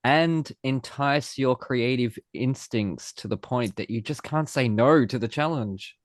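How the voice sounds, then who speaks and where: Chatty playful host. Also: male voice, mid-range voice, measured pace, dry recording, studio quality. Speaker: podcast host. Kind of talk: casual interview chat.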